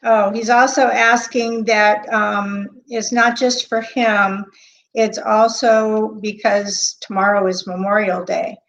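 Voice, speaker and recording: A woman hosting a live stream as a medium. She talks off the cuff with many pauses and fillers, and greets chat viewers by name. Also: medium pitch, level tone, fairly bright tone, slight background noise. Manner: hesitant, with frequent pauses and fillers. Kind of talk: unscripted live-stream talk. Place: indoor room. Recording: dull lo-fi webcam audio.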